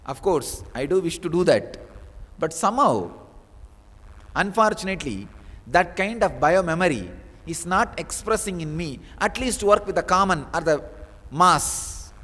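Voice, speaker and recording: A man's voice: sits high, animated, moderate pace, a bit bright. Man preaching in a reverberant hall. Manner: storytelling, with sudden bursts of emphasis. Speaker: spiritual teacher. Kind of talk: spiritual discourse. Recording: long reverb of a large hall.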